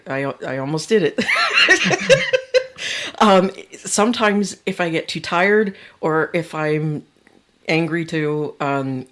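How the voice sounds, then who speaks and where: A woman's voice: lowish voice, fairly bright tone. A woman hosting a podcast in casual chat, chatty and self-deprecating. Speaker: podcast host.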